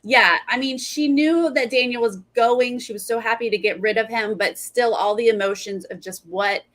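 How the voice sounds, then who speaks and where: A woman's voice: a little high, moderate pace, a bit bright. A woman hosting a casual recap chat, chatty and thanking viewers as she goes. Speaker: podcast host.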